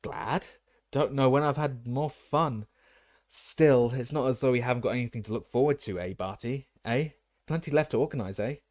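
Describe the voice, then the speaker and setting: A man's voice: fairly low pitch, expressive, fairly quick, mellow. A man voicing a jovial, careless middle-aged male sports official who speaks breezily and heartily. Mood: hearty.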